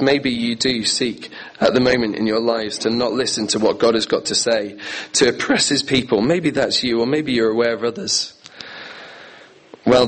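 A man's voice: mid-range voice, rough recording. A man preaching a sermon in an earnest, emphatic way, repeating key phrases.

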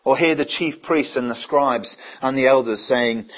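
A man's voice: mid-range voice, normal speed, few pauses. A man preaching a sermon earnestly, asking his listeners many rhetorical questions. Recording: dull, lo-fi recording.

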